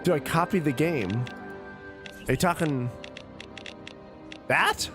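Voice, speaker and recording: A man's voice: fairly high pitch, slow, music in the background. A drunk man streaming a game, rambling, swearing and chatting with his viewers. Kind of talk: casual live-stream chat.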